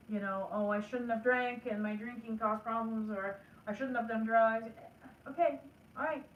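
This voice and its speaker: Slightly high and fairly bright, the voice of this energy work teacher comes from a distance in an echoey room, with a little hiss or hum. She teaches a spiritual lesson in an earnest, coaching manner and acts out the inner talk she urges listeners to have with themselves.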